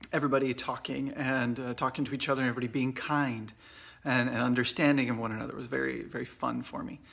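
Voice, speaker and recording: A man in his forties with an American accent, giving an informal English lesson in a relaxed, chatty way full of fillers and restarts. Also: mid-range voice, vocal fry, slightly rough. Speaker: English teacher. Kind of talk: casual video lesson. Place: away from home at a conference trip. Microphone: Facebook Live video.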